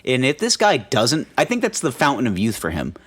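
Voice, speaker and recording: Young guy on a podcast, swears a lot, super lively up and down voice. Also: mid-range voice, fairly quick, breathy edge. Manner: animated, profane, joking. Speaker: podcast co-host. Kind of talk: casual chat.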